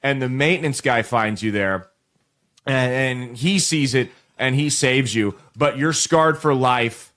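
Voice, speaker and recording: A man's voice: mid-range voice, a little slow, a bit bright. A man in his late twenties hosting a show, telling a crude, rambling comic story straight to viewers with plenty of restarts. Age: late 20s. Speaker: show host. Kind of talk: comedic monologue to viewers.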